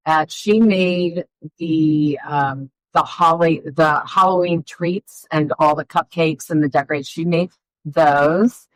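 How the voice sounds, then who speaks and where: A woman's voice: low voice, slow, dry recording, poor audio. A middle-aged woman, a filmmaker guest, telling rambling family stories in a casual interview. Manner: rambling, animated storytelling with fillers.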